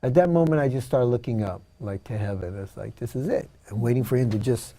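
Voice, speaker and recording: Man telling a dramatic story, mellow voice. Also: medium pitch, fast. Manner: earnest, dramatic retelling with acted-out quotes. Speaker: guest. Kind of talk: telling a personal story in an interview.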